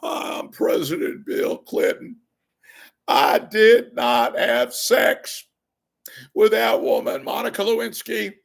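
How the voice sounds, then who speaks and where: A man doing an impression of a well-known former president, with a high, hushed, drawling voice. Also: gravelly, exaggerated voice.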